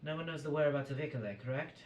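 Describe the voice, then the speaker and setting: A man's voice: a little high, rapid-fire, a little mellow, a little hiss or hum, pitched above the performer's own voice, natural voice. A man voicing a cold, commanding spectral woman who interrogates the group. Recorded in a roomy space from a distant mic. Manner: imperious, interrogating.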